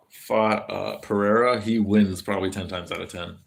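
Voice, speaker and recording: A rambling American streamer with a gravelly, fry-heavy voice sitting a little low, chatting with his audience. He talks casually, swearing freely and filling gaps with "um" and "like". His profane, meandering answers to chat questions carry the easy tone of a long stream. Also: fairly even intonation, moderate pace, fairly bright tone. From California, USA. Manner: rambling, profane, lots of fillers.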